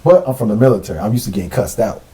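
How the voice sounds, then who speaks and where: Male podcast co-host, blunt storyteller, quick delivery. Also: fairly low pitch, poor audio. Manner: blunt, animated storytelling with quoted dialogue. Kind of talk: casual chat.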